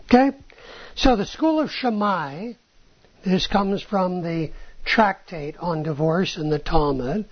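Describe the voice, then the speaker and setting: In a dull lo-fi recording, a woman with a fairly low, husky voice teaches rabbinic texts at a slow pace. She often asks rhetorical questions and checks on her listeners with "right?" and "okay?"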